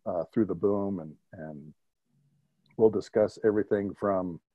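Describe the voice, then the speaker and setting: A man in his fifties, a retired military pilot, telling lively anecdotes as an interview guest and chuckling at his own stories. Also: low-pitched, measured pace, husky, dry recording, phone-quality sound. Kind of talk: conversational interview storytelling.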